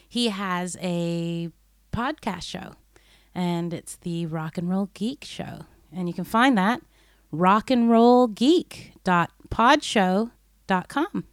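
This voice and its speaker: A woman's voice: medium pitch, no echo, studio quality. A woman hosting a music podcast, chatting casually, laughing along, and spelling out web addresses. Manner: chatty, giggly, reads web addresses slowly. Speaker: podcast host. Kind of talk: casual podcast chat with promo reads.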